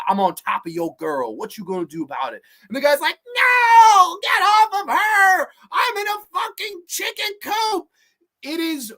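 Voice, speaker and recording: Host for a horror film review show: sarcastic, swears constantly, incredulous rant with sudden loud outbursts. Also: mid-range voice. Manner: animated outbursts. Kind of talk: ranting film recap.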